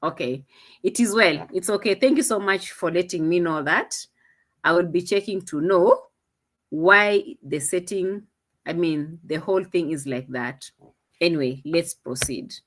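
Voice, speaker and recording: A woman's voice: on the low side, measured pace. Chatty woman with a Swahili accent. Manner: chatty, teasing, repeats phrases, laughs often. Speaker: reaction commentator. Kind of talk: casual reaction chat.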